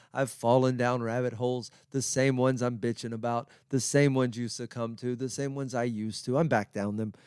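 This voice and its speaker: A man's voice: medium pitch, darkish tone, clean tone, dry recording, clean studio sound. A man hosting his own podcast, talking in a casual, rambling monologue with wry, self-deprecating asides. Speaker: podcast host.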